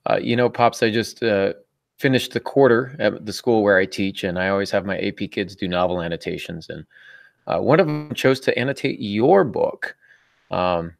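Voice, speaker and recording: A man's voice: fairly low pitch, moderate pace, creaky, dry recording. A man in his thirties hosting a writing podcast in a casual, joking chat full of fillers. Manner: chatty, joking, many fillers. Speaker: podcast host.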